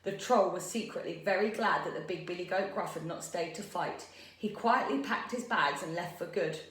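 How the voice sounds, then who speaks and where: A woman teacher reading a story aloud to young children, expressive and lively. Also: lowish voice, moderate pace, recorded from a distance. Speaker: primary school teacher. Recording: roomy echo.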